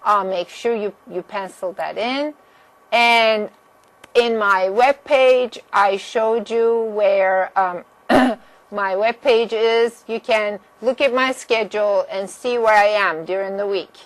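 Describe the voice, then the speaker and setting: A woman's voice: mid-range voice, takes it slowly, low-quality recording. A woman math instructor giving a course orientation lecture, direct and firm about deadlines.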